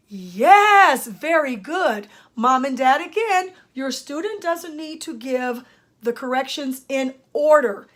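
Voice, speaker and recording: Older female speech therapist, high voice, emphatic teacherly delivery. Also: animated, a little slow. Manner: emphatic, teacherly, addresses parents and students directly. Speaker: speech-language pathologist. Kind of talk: instructional lesson talk.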